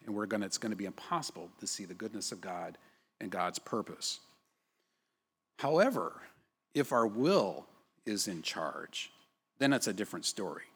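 Male pastor, conversational sermon delivery, slightly low and husky, reverberant church hall. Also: expressive, moderate pace, pauses often, fairly bright tone. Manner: conversational, frequent tag questions.

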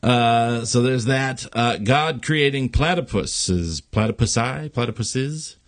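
Slow-talking, giggly male podcast host. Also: mid-range voice, no echo. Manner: laughs often, halting with many fillers. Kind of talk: casual chat, reading jokes aloud.

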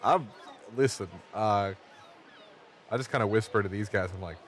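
A man's voice: fairly low pitch, moderate pace, pauses often. A man in his thirties speaking in character during a tabletop game, with an earnest, reassuring manner. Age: 30s. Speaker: player. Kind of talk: in-character role-play.

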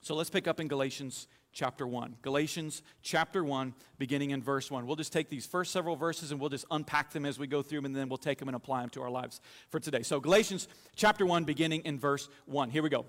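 A man in his thirties, a pastor, preaching a sermon and telling animated stories with humor. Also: fairly high pitch, fast talker, in a large hall.

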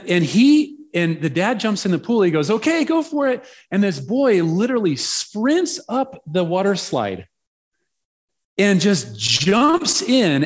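A man delivers a sermon as a personal story, chatty and playful, full of asides. His voice sits a little high and swings widely in pitch. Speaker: preacher telling a personal story.

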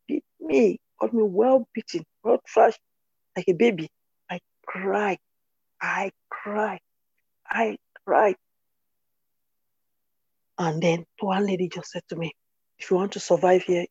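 A woman tells her story in an earnest interview, repeating phrases for emphasis. Her voice is gravelly and husky, with a mellow, dark tone. The recording is dull and lo-fi, with a dry, close sound. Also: lowish voice, dry recording. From Cameroon. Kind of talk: personal testimony.

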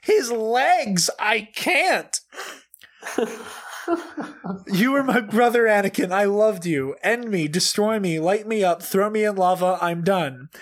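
A high-pitched man reads aloud with slow, drawn-out delivery and theatrical outrage. He swears freely and breaks into laughter often. His desk mic sits pushed back and turned down. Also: animated. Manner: profane, over-the-top and laughing often. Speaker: comedic reader. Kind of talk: dramatic comedic reading.

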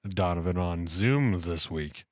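A man's voice: deep voice, a little slow, dry recording, clean studio sound. A man hosting a podcast in casual chat, teasing his co-host and laughing often.

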